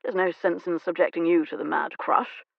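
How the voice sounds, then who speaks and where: A man's voice: a little high, level tone, normal speed, vocal fry, no echo, lo-fi sound. A woman voicing an arrogant, predatory Regency earl who speaks in a snide drawl.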